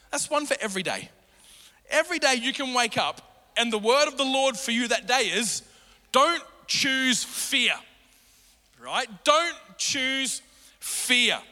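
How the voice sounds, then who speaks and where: A man preaching a sermon as pastor, energetic and building to emphatic repeated calls. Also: extremely high pitch. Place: church hall. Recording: long hall reverb.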